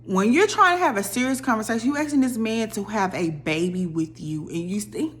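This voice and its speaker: A young woman holds forth on a reality series in a casual, opinionated rant. Her delivery is animated, and her voice leaps up sharply whenever she acts out what someone else said. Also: mid-range voice, brisk, husky. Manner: animated, opinionated, dramatic voice jumps when quoting people. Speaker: reality TV commentator.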